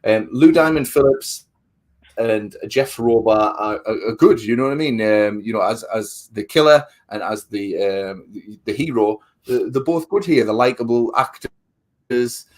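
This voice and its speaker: A man's voice: on the low side, measured pace. A man co-hosting a casual film review chat. He swears often, acts out quotes, and repeats words while he thinks. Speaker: podcast co-host.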